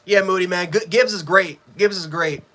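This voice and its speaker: A man giving a live sports reaction, frustrated and profane, swinging between yelling and low muttering. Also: moderate pace, noisy background. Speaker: sports fan streamer.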